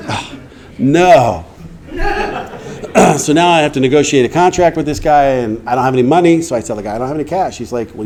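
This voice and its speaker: A man's voice: medium pitch, dark tone, slight background noise. A middle-aged man telling his recovery story to an audience, acting out the dialogue and laughing along the way. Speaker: recovery speaker. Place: meeting hall before an audience.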